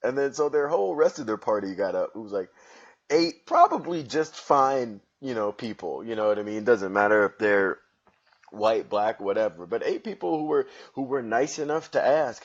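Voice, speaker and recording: A man at a mid-range pitch spins a casual story on his podcast, swearing freely and poking fun at himself. The audio sounds dull and lo-fi, like a cheap podcast recording. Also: lively intonation, moderate pace. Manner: profane, wry and self-mocking. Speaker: podcast host.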